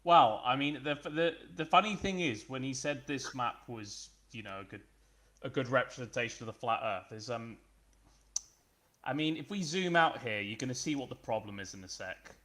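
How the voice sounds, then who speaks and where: A man's voice: mid-range voice, moderate pace, a bit bright. A man joining a casual livestream chat as a guest, talking hesitantly with many fillers.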